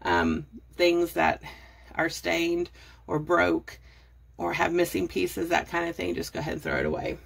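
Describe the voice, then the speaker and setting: On the low side and creaky, her animated voice moves at a measured pace. A middle-aged woman who vlogs about budgeting and decluttering talks casually to her phone camera, breathless, chatty, and rambling through decluttering tips.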